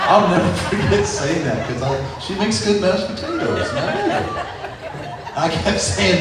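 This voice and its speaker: A man's voice: mid-range voice, lively intonation, moderate pace. Young man chiming in at a church testimony. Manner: chuckling, interjecting. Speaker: family member sharing testimony. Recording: echoey room, distant mic, faint noise.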